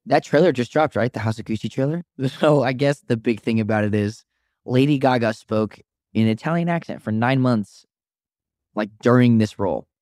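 A man's voice: moderate pace, darkish tone. A young man co-hosting a podcast in a casual chat, laughing often and acting out quotes. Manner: laughs often, acts out quotes with big swings in pitch. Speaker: podcast co-host, actor.

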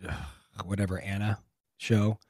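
A man co-hosting a casual talk show, halting and full of restarts, bluntly opinionated. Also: lowish voice, little pitch movement, darkish tone, no room sound, studio quality. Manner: halting, many restarts and fillers. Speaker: co-host. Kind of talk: casual chat.

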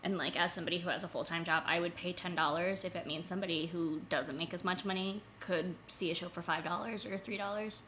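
A woman's voice: on the low side, steady tone, quick pace, hardly any pauses, a bit bright, a little hiss or hum. A young woman co-hosting a podcast, talking in casual chat and filling her sentences with "like". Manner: chatty, heavy use of "like". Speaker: podcast co-host.

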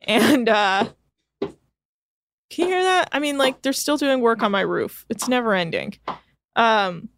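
A woman's voice: a little high, lively intonation, measured pace, long pauses, noisy background. A woman co-hosting a casual podcast chat, recapping with sardonic asides, swearing freely and quoting people offhand. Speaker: podcast co-host recapping a reality show. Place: home.

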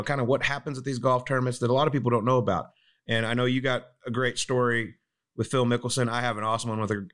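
A man's voice: mid-range voice, smooth. A young man, a pro golfer and podcast co-host, telling stories in casual chat and acting out other people's voices. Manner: animated storyteller, acts out voices of others.

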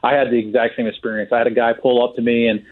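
A man's voice: mid-range voice, level tone, racing. A man on a podcast as a guest from a truck maker, telling stories in a drawling, hearty way. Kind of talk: casual podcast chat. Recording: tinny phone line.

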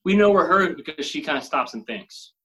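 A man's voice: fairly high pitch, expressive, fairly quick, bright, forceful tone, slightly rough, rough recording. A man talking casually on a podcast, explaining his points with examples and plenty of fillers.

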